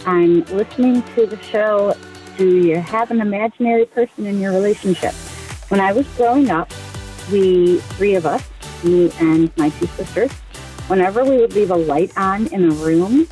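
A woman's voice: medium pitch, moderate pace, dark tone, soft background music, poor audio. A woman from Michigan leaving a chatty voicemail message for a show, telling a family story. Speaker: caller.

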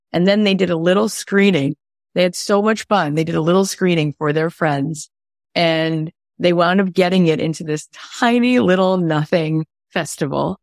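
A middle-aged woman coaching on podcasting, telling a story with lively quoted voices. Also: low-pitched, no room sound, clean studio sound. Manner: animated storyteller acting out quotes. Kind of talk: energetic teaching livestream.

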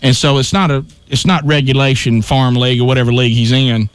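A man hosting a talk radio show, telling an animated story and acting out his own shouts. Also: medium pitch, quick pace, clear, resonant tone, dry recording.

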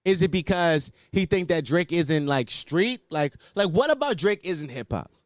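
A man hosting a commentary show, arguing in a profane, animated rant. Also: a little high, moderate pace, no echo. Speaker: commentary host.

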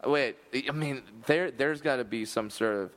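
A man's voice: mid-range voice, normal speed, fairly bright tone. A young man co-hosting a comedy chat, rambling and self-deprecating with many restarts.

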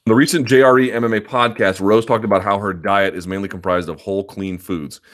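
This man has a lowish, steady voice with a slightly bright quality, and he talks briskly. Hosting a live chat, he answers viewer questions in a rambling, self-assured, opinionated way, frequently restarting his sentences.

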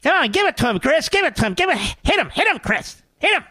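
A goading male TV anchor, put on by a man, taunting and eager. The voice is high and jumps around in pitch. It is recorded close and dry. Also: big pitch swings, quick pace, bright, forceful tone, no room sound, full character voice. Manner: taunting, repetitive egging on.

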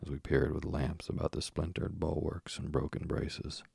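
A man narrating a first-person story in a measured, steady storytelling manner. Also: very deep voice, gravelly, slightly rough, no room sound, studio quality. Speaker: audiobook narrator.

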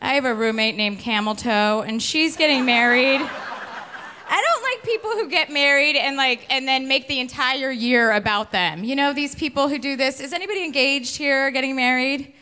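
A woman's voice: sits high, moderate pace, sharp tone. A woman doing a stand-up set on a club stage, blunt and mocking, into a stage microphone. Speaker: stand-up comedian. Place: comedy club stage with live audience. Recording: live club recording with faint crowd and noise.

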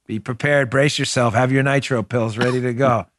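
Male talk host, mid pitch, sarcastic and heated, dry close studio sound. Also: fairly even intonation, moderate pace, fairly bright tone, no room sound. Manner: sarcastic and mocking; emphatic and heated. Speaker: show host. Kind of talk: political commentary show.

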